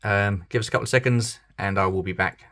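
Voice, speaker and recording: A British man with a fairly low voice talks through a fiddly toy repair. He mutters and half-whispers, cursing under his breath as he works, in a relaxed hobby-channel manner. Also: fast. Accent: British English. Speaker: toy collector channel host. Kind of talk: casual commentary while repairing a toy.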